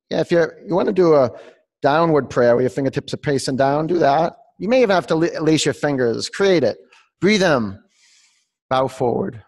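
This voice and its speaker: A man leads a live yoga class in a large studio, counting down poses and teasing students as he goes. His voice sits a little high and has a gravelly edge. The room gives it a long reverb. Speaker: yoga instructor.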